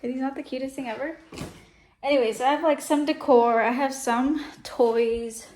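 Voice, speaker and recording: A woman's voice: high voice, steady tone, normal speed, a little mellow. A young pregnant woman chatting casually in a home vlog, talking with lots of fillers and a little out of breath. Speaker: vlogger. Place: home rooms, indoors.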